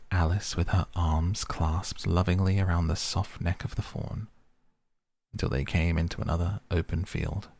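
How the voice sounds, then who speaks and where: A man narrating a classic children's story in a steady storytelling read. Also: sits low, vocal fry, no room sound.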